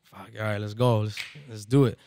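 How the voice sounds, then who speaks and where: A man's voice: on the low side, flat delivery, a little fast, warm tone, a little hiss or hum. A man, a barber event organizer, telling a story in casual, profane slang and slipping into Spanish now and then. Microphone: podcast microphone.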